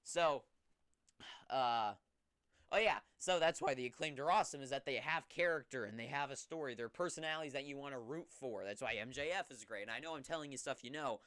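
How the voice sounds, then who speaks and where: Young male host for a loose solo recap; rambles offhand, breaks into excited bursts, voice bright and clear. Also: mid-range voice, fairly quick, no room sound, studio quality.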